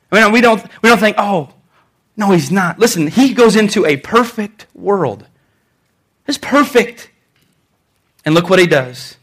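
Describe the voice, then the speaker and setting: A man's voice: high voice, fairly bright tone. A male pastor delivering a sermon in an emphatic, conversational way, repeating words for effect.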